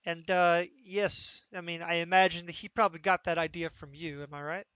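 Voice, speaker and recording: High-voiced man on a tinny line. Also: brisk, clean tone, no echo. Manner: relaxed, rambling with fillers. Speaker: game master. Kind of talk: narrating a tabletop game. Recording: tinny dry phone-like line.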